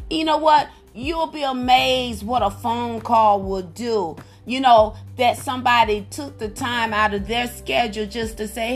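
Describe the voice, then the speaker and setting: Brief: middle-aged woman preacher, high voice, fervent, soft music under. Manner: fervent, exclaims hallelujah and glory to God. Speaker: prayer line host. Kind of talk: preaching on a prayer call.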